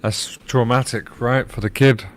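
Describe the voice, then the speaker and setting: A man co-hosting a livestream in casual chat, answering calmly with brief, sympathetic remarks. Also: medium pitch, a little slow, a little hiss or hum.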